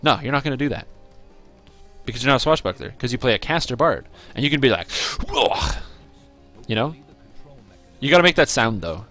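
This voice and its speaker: A man chatting casually to his viewers while streaming a video game, rambling and reacting excitedly to the gameplay. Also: medium pitch, fast talker, long pauses, faint music behind. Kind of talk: casual live-stream commentary.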